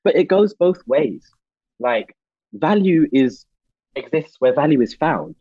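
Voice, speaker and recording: A young man in his twenties speaking passionately as an interview guest, often restarting his sentences and rising in pitch when animated. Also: takes it slowly, no echo, muffled recording. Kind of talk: candid conversational interview.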